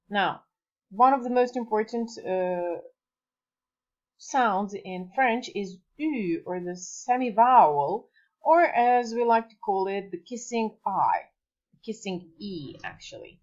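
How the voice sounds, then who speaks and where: A woman teaching a beginner language lesson, patient and clear, sounding out words slowly for the listener to repeat. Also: medium pitch, a little mellow, highs cut off. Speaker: French teacher.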